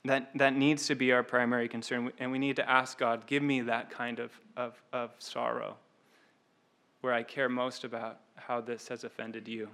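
A man's voice: medium pitch, level tone, normal speed, a bit bright. A man preaching an expository sermon, earnest, often repeating words and tossing in "like" and "right?".

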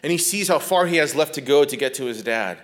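A man teaching biblical counseling in a conversational lecture, often checking in with his listeners and speaking gently when he talks about compassion. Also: a little high, lively intonation, fast. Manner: often checks in with a tag question "right?"; drops to a soft, gentle tone when describing compassion.

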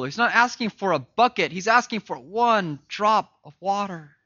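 A man preaching an impassioned sermon that swings between loud emphasis and hushed, grave lines, often repeating words. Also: high-pitched, normal speed, few pauses. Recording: dull lo-fi recording.

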